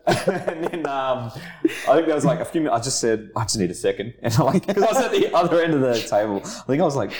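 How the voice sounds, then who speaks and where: A man's voice: mid-range voice, lively intonation, fast. A man telling stories in casual podcast chat, laughing at himself and swearing casually. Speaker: podcast co-host. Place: studio.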